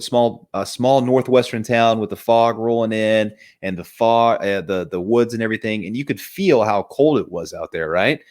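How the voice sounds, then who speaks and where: A man hosting a casual movie review chat, enthusiastic and rambling, often restarting his sentences. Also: medium pitch.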